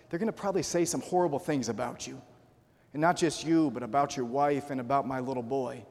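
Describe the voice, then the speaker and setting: A man preaching a sermon, telling a personal story and acting out the voices in it. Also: mid-range voice. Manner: storytelling, acts out quoted voices. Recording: long reverb of a large hall.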